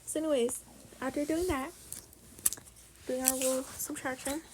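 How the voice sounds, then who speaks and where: A woman's voice: sits high, steady tone, moderate pace, a little mellow, slight background noise. A young woman tutoring math casually, chatty and profane, often dropping to a whisper while she works out numbers. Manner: chatty, swears, slips into whispers while calculating. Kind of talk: casual tutorial over a tablet screen.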